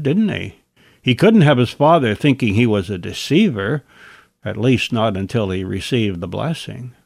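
A man's voice: mid-range voice, creaky, a little mellow, dry recording, clean studio sound. A man teaching a Bible lesson as narration, adding wry asides between the scripture readings.

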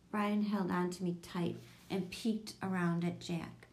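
A woman narrating a children's chapter book in a steady, even storytelling voice. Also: lowish voice, unhurried, hardly any pauses. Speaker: audiobook reader.

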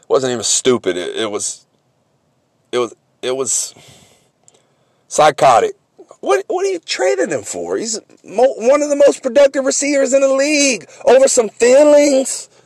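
A man hosting a sports podcast, ranting comically and mockingly, swinging between loud outbursts and low asides. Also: big pitch swings, unhurried, dry recording. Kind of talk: comedic sports rant.

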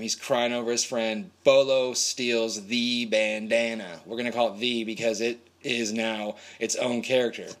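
A man's voice: mid-range voice, fairly bright tone. A man casually recapping a movie in a rambling, profane, laid-back way.

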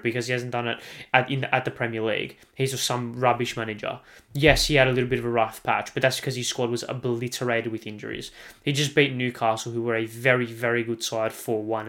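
An Australian man holds forth alone on his podcast, hammering his points home by saying them again and again. He talks at a middling pitch and swears without a second thought. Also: fairly bright tone. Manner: emphatic, repeats himself, swears freely. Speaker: podcast host. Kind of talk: solo sports podcast rant.

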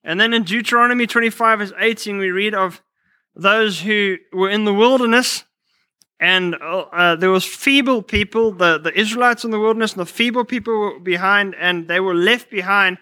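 A man delivers a sermon in a high, bright voice, mixing personal stories with scripture. He restarts phrases often and fills pauses with "uh." The recording is dry and close. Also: no echo. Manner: storytelling, quoting scripture, many restarts. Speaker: preacher.

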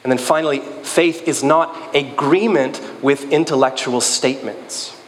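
Joking preacher in an echoing hall. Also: male voice, mid-range voice, a little slow, slight background noise. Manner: conversational, joking, animated. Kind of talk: sermon.

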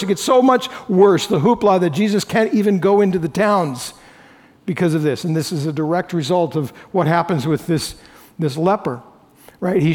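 A man preaching a sermon as lead pastor, earnest, moving between bold emphasis and quiet reflection. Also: fairly high pitch, a little fast, big-room sound.

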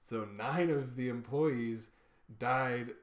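A man of ordinary pitch chatting on a casual livestream, telling a long rambling story and swearing as he goes. He is recorded in a living room with a noticeably echoey, roomy sound. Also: slow. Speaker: livestream co-host. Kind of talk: casual chat.

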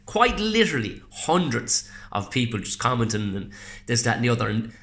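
An Irish man chatting casually as a podcast guest, swearing freely and telling animated stories before a gig. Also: mid-range voice, moderate pace. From Ireland. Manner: swears a lot, animated storytelling. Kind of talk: casual chat. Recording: roomy echo.

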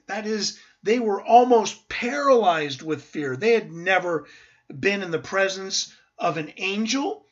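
A man's voice: sits high, animated, a little slow, muffled recording. A man pastor teaching a verse-by-verse Bible sermon, earnest and emphatic, with rhetorical questions to his listeners.

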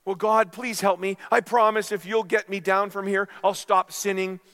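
A pastor voicing a frantic man who is dangling from a cliff edge, yelling and stammering his pleas for help. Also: fairly high pitch, expressive, normal speed, long reverb tail, soft background music. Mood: desperate pleading.

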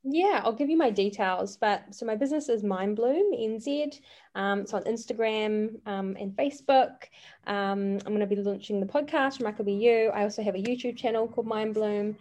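A woman's voice: mid-range voice, normal speed, darkish tone. A woman, a life coach speaking earnestly as a podcast guest, with frequent fillers and restarts. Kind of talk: casual interview chat.

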